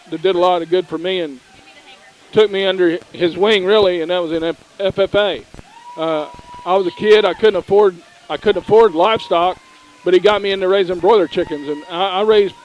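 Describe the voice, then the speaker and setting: A middle-aged man co-hosting a local sports broadcast, telling folksy, animated stories. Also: high voice, fairly quick, highs cut off. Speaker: radio sports co-host. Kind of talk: casual storytelling.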